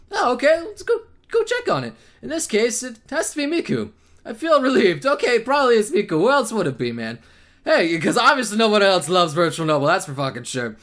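Guy doing a let's play, high voice that jumps all over, yelps and swears a lot. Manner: excitable, yelps and shrieks, laughs, swears a lot. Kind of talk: let's play commentary reading game text aloud.

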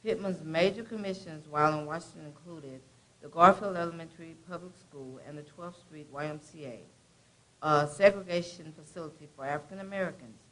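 A woman's voice: low-pitched, a little fast, rough recording. A woman on a college staff reading a short biography aloud, casual and chatty, with brief asides.

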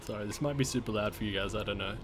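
Against a noisy background, a man with a fairly low voice chats on a game stream. He's laid-back, chuckles often, and swears casually.

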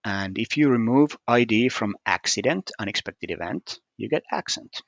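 Man, low voice, methodical puzzle walkthrough, hesitant, dry close recording. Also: expressive, moderate pace, vocal fry, dry recording, dull audio. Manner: hesitant, many fillers and restarts, methodical. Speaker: puzzle solver explaining solutions.

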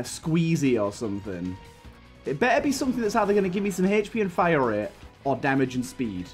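A young man hosting a gaming channel, rambling through a childhood story while grumbling at his run. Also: high voice. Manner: rambling storytelling broken by frustrated outbursts at the game. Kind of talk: gaming commentary. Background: faint game music.

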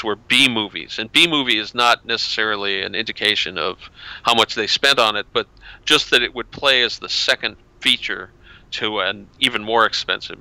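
A man's voice: lowish voice, creaky, pushed and bright, no echo, poor audio. A man in casual chat as a guest author, rambling and often restarting his sentences.

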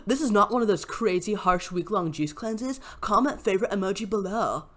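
Woman doing a douchey bro pitchman. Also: lively intonation, a little fast, fairly bright tone. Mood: salesy. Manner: salesy, pushy hype. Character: smug douchey male bro selling cleanses.

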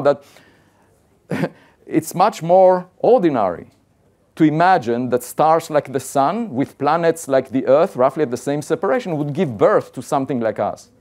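A man's voice: on the high side, a little mellow. A man, an astrophysicist, giving a conversational public science talk and building his arguments point by point in a plain-spoken, insistent way.

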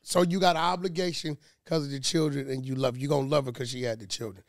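A man's voice: mid-range voice, steady tone, fast talker, vocal fry, no room sound, studio quality. A man on a talk show asking blunt, pressing questions in casual chat.

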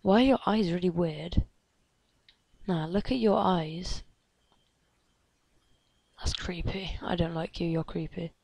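A woman giving let's play commentary, excitable and gasping, chattering at game characters and dropping into hushed whispers. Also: fairly low pitch, slow pace, vocal fry, pauses often, dry recording. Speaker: gamer.

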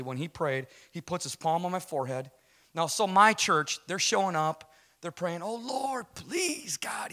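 A middle-aged man giving an animated testimony to a church audience, telling his story casually and acting out what people said. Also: a little high. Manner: storytelling, acts out quotes, casual slang. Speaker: guest speaker giving a testimony.

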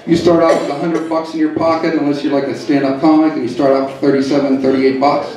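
A middle-aged man doing a stand-up comedy set, deadpan and teasing the crowd. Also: a little high, fast talker. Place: comedy club in a hotel. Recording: echoey club from far off. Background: audience laughing.

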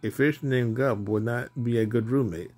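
A man's voice: mid-range voice, normal speed, darkish tone, soft background music, natural voice. A man reading a storybook aloud, voicing a lonely little bird who keeps asking others to be his roommate, in an earnest, questioning way.

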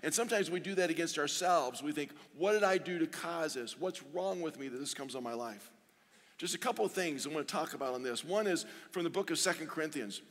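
A man's voice: a little high, a bit bright. Earnest male pastor in a reverberant hall. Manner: earnest, reads scripture slowly, repeats pleading phrases. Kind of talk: sermon. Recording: long reverb of a large hall.

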